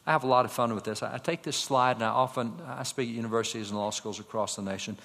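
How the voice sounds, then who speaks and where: A man lecturing from slides to a live audience, with an average-pitched voice. He tells stories, throws out rhetorical questions and reels off quick lists of names. His voice rings with the long reverb of a large hall. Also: fairly even intonation, creaky, fairly bright tone. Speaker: public speaker.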